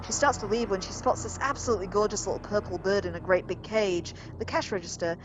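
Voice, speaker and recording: Speaking fast in a mid-range voice, this let's play gamer works through a video game, reading its emails aloud in a casual, wry way and voicing the jokes in put-on characters. Music plays in the background, and the recording is poor.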